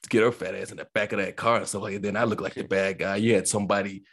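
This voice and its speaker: A man's voice: on the low side, very fast, slightly rough. A man, a police officer, co-hosting a podcast and telling a story in casual chat, acting out quotes as he goes. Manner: animated storyteller, acts out quotes with laughter.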